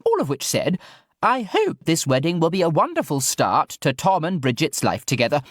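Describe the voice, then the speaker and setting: A man voicing a loud, posh, flamboyant older woman who officiates a wedding with theatrical, irreverent glee. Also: wildly swooping pitch, normal speed, no room sound, studio quality. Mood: grandly jolly. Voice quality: plummy upper-class delivery. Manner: booming, theatrical, gleefully outrageous. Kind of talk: audiobook character voice.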